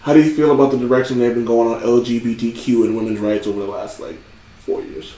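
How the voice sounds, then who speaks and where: A man hosting a casual podcast, rambling and swearing as he tells stories. His voice sits at an ordinary middle pitch. The echoey room around him carries clearly on the recording. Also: fast talker, slight background noise. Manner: rambling, profane, animated storytelling. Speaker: podcast host. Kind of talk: casual chat.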